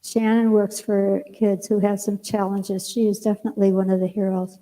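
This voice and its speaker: An older woman minister preaching a sermon, telling a lively personal story and acting out her own lines in a church sanctuary. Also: mid-range voice, normal speed. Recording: long hall reverb.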